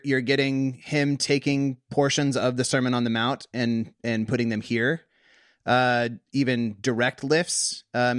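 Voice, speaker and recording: A man's voice: medium pitch, dry recording. Chatty man, dry close sound. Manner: chatty, full of fillers and restarts. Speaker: podcast co-host. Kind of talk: casual conversational Bible discussion.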